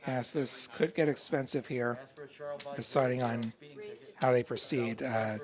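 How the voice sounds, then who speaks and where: A man's voice: mid-range voice, steady tone, measured pace, a crowd in the background. A man doing live play-by-play commentary on poker, easygoing and analytical as he walks through each hand. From not from Texas.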